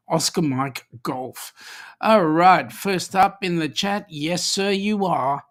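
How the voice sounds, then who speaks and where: A middle-aged Australian man hosts a casual live-stream chat in a fairly high, fairly bright voice, speaking slowly. He's chatty and jokey, reading viewers' comments out loud.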